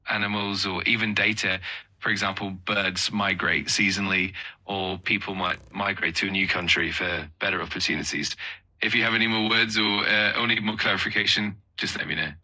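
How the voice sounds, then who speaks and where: A man's voice: on the low side, bright, forceful tone, low-quality recording. A man tutoring English vocabulary, explaining word meanings patiently and encouraging the learner. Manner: encouraging, upbeat, offers more help.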